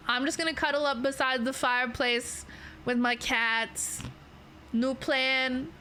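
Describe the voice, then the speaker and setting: A young Canadian woman VTuber streams from a bedroom setup, chatting casually in a high, pushed, bright voice with a Canadian accent. She rambles playfully and laughs often, with a little hiss or hum in the audio.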